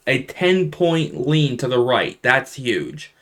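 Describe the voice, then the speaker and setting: A man's voice: mid-range voice, very animated, slow, a bit bright. A young man talking casually through election results on a map, often restarting his sentences and stressing surprises with rising emphasis. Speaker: political commentator.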